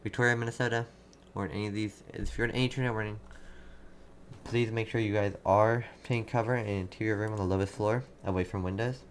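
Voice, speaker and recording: A man with a fairly low voice gives live severe weather commentary, urgent and repeating himself as he answers chat. He sits at a desk mic, and faint keyboard typing clicks along behind him. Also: fairly even intonation, fast talker, slight background noise. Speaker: livestream weather host.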